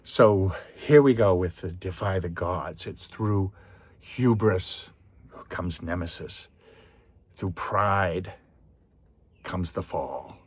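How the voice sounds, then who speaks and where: A man with a deep voice chats his way through a film review, wandering off into tangents as he retells the story. His tone is husky and slightly breathy. The delivery is casual and conversational. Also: slow, pauses often. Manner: chatty, digressive, animated retelling.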